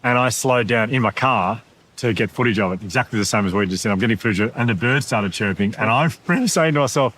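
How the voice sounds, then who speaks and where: A man's voice: fairly low pitch, fast, a bit bright. An Australian man hosting a podcast, telling a casual anecdote and laughing at himself. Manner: chatty anecdote-teller who laughs at himself. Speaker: podcast host. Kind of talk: casual chat.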